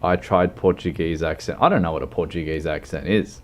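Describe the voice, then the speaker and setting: A man's voice: low voice, brisk, few pauses, slight background noise. An Australian man chatting casually on a gaming livestream, rambling and self-mocking with lots of fillers and laughter. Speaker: game streamer. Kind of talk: casual livestream chat while driving a truck game. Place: at home, streaming.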